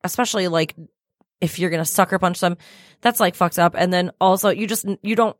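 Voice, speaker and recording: A woman's voice: lowish voice, fairly quick, no room sound, clean studio sound. Chatty laughing woman podcaster. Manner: chatty, agreeable, laughs often. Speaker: podcast co-host. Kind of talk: casual chat. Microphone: studio microphone.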